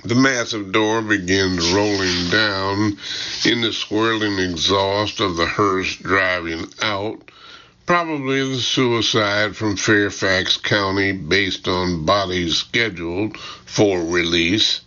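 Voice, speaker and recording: A man narrates a first-person audiobook in a slow, measured, wry manner. His voice is lowish with a bright, crisp edge. The recording sounds muffled and lo-fi.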